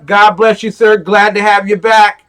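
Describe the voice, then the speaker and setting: A man co-hosting a casual talk show, who laughs a lot and speaks slowly. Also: high voice, level tone, heavy background noise. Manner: laughs often, slow and drawn-out.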